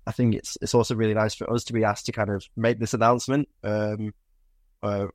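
A man's voice: on the low side, flat delivery, a little fast, dry recording, studio quality. A man hosting a podcast, chatting casually and offering friendly congratulations. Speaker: podcast host. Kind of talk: casual interview chat.

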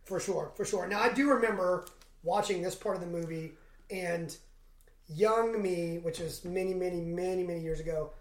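A woman with a lowish voice speaks at a moderate pace as co-host of a casual movie recap podcast, recorded with a roomy echo. She's sarcastic and jokey, slipping into mock voices.

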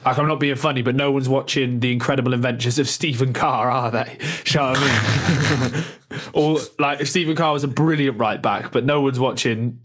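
A man's voice: medium pitch, fairly even intonation, normal speed, a bit bright, a little hiss or hum. A man co-hosting a football podcast in casual chat, rambling, laughing often and swearing freely. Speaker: podcast co-host.

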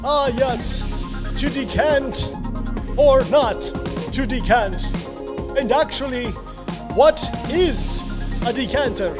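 A man's voice: very high-pitched, expressive, moderate pace, few pauses, music in the background, pitched above the performer's own voice. A man voicing a grand theatrical figure in a put-on accent, declaiming in a hammy way.

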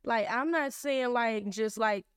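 A young woman hosts a faith podcast in a smooth, clear voice. She tells stories openly and plays out both sides of conversations. The sound is dry and close, with no room around it. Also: on the high side, a little slow, dry recording. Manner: candid, animated storytelling with acted-out dialogue. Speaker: podcast host. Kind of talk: casual faith podcast chat.

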